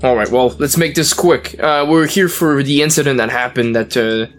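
A man's voice: medium pitch, normal speed, soft background music, natural voice. A man voicing a polite, apologetic state police agent at a front door.

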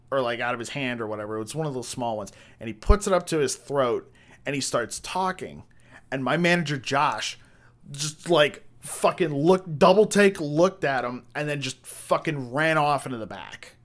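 A man's voice: medium pitch, lively intonation, moderate pace, a bit bright. A man telling rambling, profane work stories in a casual chat, full of restarts and crude jokes. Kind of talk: casual storytelling.

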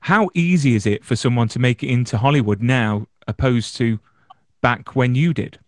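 A man's voice: medium pitch, normal speed, no echo, clean studio sound. A man asking interview questions and giving short supportive responses.

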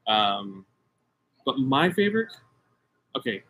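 A man's voice: mid-range voice, very animated, slow, sharp tone, husky. A middle-aged American man and podcast co-host, telling a story in casual chat with emphatic, self-mocking energy.

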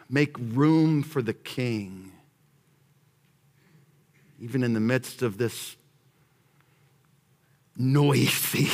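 Male pastor, sermon delivery, slow and measured, lots of repetition, big reverberant hall. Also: medium pitch. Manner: swings from hushed prayer to shouting emphasis; repeats phrases as he builds.

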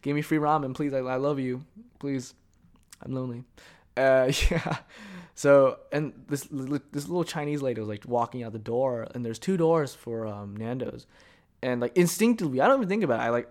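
A young man talks alone into his podcast mic, meandering from story to story. He swears freely and jokes at his own expense, with a voice of ordinary pitch for a man. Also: brisk, a little mellow. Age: young adult. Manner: rambling, profane, joking storytelling. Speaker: podcast host. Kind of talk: casual solo podcast monologue.

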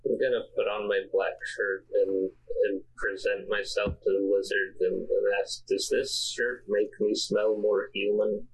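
A man's voice: fairly low pitch, little pitch movement, measured pace, few pauses, low-quality recording. A man playing a tabletop game, chatting casually and making wry jokes. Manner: joking, wry. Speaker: player.

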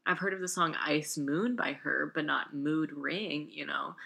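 A woman chatting casually to her listeners, rambling and filling pauses with "like" and "um". Her voice sits low with a gravelly edge. It still has a bright, forward tone. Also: steady tone. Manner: rambling, chatty, lots of fillers. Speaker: podcast host. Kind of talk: casual chat.

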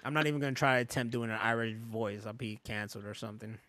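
A man's voice: on the low side, flat delivery, quick pace, fairly bright tone, no echo. A man hosting a podcast in loose casual chat, rambling, laughing often and swearing freely. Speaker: podcast host.

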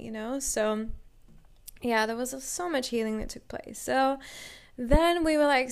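Her voice is a little high and creaky as this young adult woman chats through a personal story. "Like" fills her speech, and she performs the lines other people said to her.

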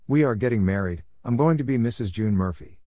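A man's voice: medium pitch, expressive, a little fast, dark tone, dry recording, clean studio sound, lightly acted. A man voicing a defiant young woman in love in a read-aloud story. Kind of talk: storybook character voice.

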